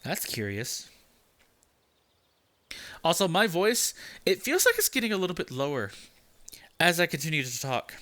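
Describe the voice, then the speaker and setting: A young man talks through a game in a raised, bright tone he holds on purpose. His pitch jumps around a lot as he rambles from thought to thought, full of filler words. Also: very animated. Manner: keeps his voice deliberately high. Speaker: game channel host. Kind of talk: casual gameplay commentary.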